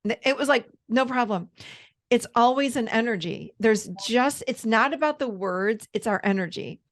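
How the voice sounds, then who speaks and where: A woman's voice: a little high, animated, moderate pace. A woman therapist and coach speaking as an interview guest, earnest and enthusiastic. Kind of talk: casual interview chat.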